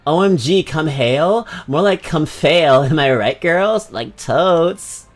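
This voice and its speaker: Man putting on a Valley Girl, young woman, gossipy, bubbly, raised pitch, sing-song, drawling slang, lots of "like". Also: lively intonation, takes it slowly, full character voice. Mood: giggly. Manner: drawling slang-heavy chatter, filler "like". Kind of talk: comedic character voice while streaming a game.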